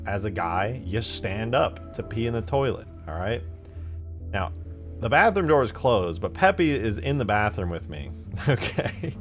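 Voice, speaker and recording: A young man chatting casually on a live stream while modding a game, laid-back, breaking into animated storytelling. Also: mid-range voice. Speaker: streamer and modder.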